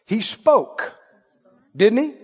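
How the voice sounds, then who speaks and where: A man's voice: very high voice, big pitch swings, drawn-out words, breathy edge. Male preacher, playful and emphatic, in an echoey hall with a dull recording. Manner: rhetorical questions, playful and emphatic. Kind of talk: sermon.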